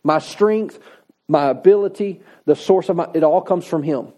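Emphatic high-voiced male preacher. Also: moderate pace, dark tone. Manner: emphatic, conversational preaching with repetition. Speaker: pastor. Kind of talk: sermon.

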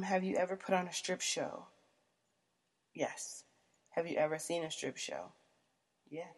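A woman's voice: low-pitched, a little mellow. A young woman vlogger reading out questions and answering them in a casual, blunt, profane way, often laughing.

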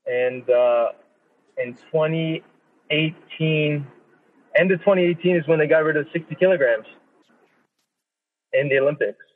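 A man's voice: a little high, unhurried, long pauses, slight background noise. A man from Canada, a professional boxer, telling his story in a casual interview, swearing often and acting out his own thoughts. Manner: profane, animated storytelling with quoted inner speech. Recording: tinny phone-line audio with long reverb.

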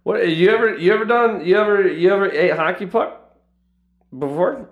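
A man's voice: high voice, normal speed, reverberant, narrow, tinny audio. A man riffing through improvised comedy banter with a rambling, goofy drawl. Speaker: comedy podcast cast member.

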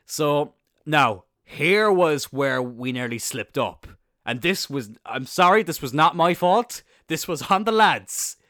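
A young man with an Irish accent telling a rambling story in a casual monologue, swearing freely and bursting into excited laughter. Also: fairly high pitch, takes it slowly, no room sound, clean studio sound. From Ireland. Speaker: podcast host.

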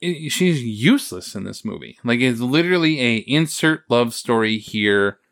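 Animated, ranting movie podcast host. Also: male voice, medium pitch, moderate pace, creaky, no echo, clean studio sound. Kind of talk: casual movie review chat.

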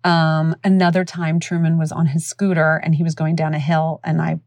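Woman podcast host, thirties, low pitch, dry close sound, chatty and animated storyteller. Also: normal speed, no echo. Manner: animated, acts out voices of others. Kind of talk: casual storytelling.

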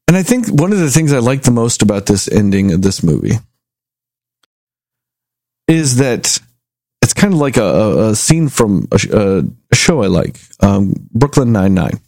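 A man casually reviewing a movie, rambling and animated as he retells scenes. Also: fairly low pitch, moderate pace, no room sound. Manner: rambling, animated storytelling with acted quotes. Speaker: movie review podcast host.

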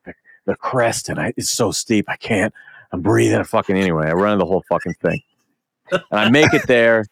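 A young man co-hosting a podcast, telling a story in casual chat, animated and swearing a lot as he acts out what people said. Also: lowish voice, creaky, dry recording. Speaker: podcast co-host.

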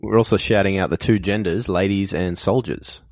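A man's voice: sits low, fairly even intonation, normal speed, darkish tone, dry recording. A man co-hosting a comedy podcast, making dry jokes and swearing casually. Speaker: podcast co-host. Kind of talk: comedic banter.

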